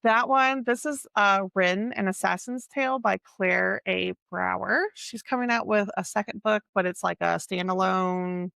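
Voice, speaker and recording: A woman's voice: medium pitch, normal speed, vocal fry, few pauses, a bit bright, no echo. A woman co-hosting a podcast, talking casually about books, stopping often to search for the right word. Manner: chatty, searches for words, many fillers. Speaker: podcast co-host. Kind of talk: casual book chat.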